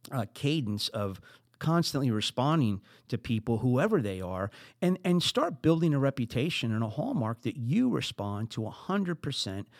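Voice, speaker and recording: Animated New Jersey man giving advice. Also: dry recording, clean studio sound. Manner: animated, acts out exasperated quotes, rising into high emphatic bursts. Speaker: podcast host. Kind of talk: business advice monologue.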